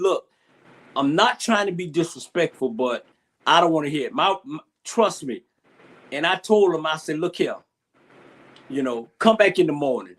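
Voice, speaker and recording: A man's voice: fairly high pitch, a bit bright. A middle-aged man telling a personal story as an interview guest on a video call, emotional, repeating himself and restarting often.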